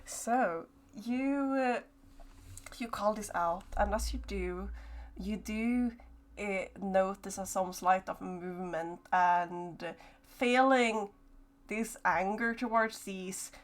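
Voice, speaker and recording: A woman narrating a horror tabletop game as game master, slow and hesitant with many fillers. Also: mid-range voice.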